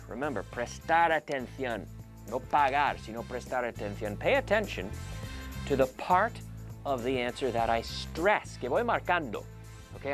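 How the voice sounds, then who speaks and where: A man hosting a language-learning show, teaching in a lively, playful way and acting out little scenes as examples. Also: medium pitch. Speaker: English teacher and show host. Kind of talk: bilingual language lesson.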